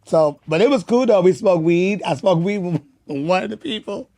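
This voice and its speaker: Animated drag queen telling stories. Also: high-pitched, moderate pace, no room sound, clean studio sound. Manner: animated, acts out quotes in raised voice. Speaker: guest, drag performer. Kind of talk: casual interview storytelling.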